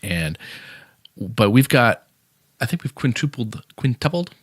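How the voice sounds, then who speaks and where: A man's voice: medium pitch, sing-song, measured pace, husky, no room sound, clean studio sound. A man hosting a podcast in casual, opinionated chat, blunt and sarcastic, with many fillers and restarts. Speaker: podcast host.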